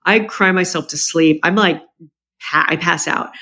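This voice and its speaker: The woman's voice is on the low side and her pace moderate as she tells a podcast host about her life. Emotional and open, she keeps restarting, and her delivery turns lively when she acts out relatives' lines with a raised voice.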